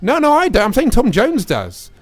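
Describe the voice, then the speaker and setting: A man's voice: very high voice, wildly swooping pitch, moderate pace, soft background music. A man hosting a local radio show, rambling and joking at his own expense in casual studio chat. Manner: rambling, self-mocking, jokey. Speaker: radio host.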